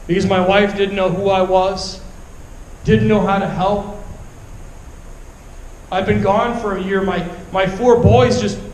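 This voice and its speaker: A man who is a military veteran telling his personal testimony at a revival service, emotional and halting, with a pleading tone. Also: high-pitched, level tone, darkish tone, roomy sound, a little hiss or hum, rough recording.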